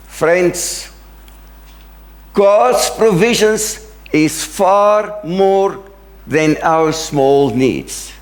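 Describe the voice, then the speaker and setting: A man's voice: high voice, echoey room. A middle-aged man, a pastor, preaching a sermon in an earnest, emphatic way. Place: church sanctuary.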